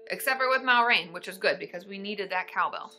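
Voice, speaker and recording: A young woman, a therapist hosting a casual livestream, chatting brightly and answering viewer questions. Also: medium pitch, fairly quick, faint music behind.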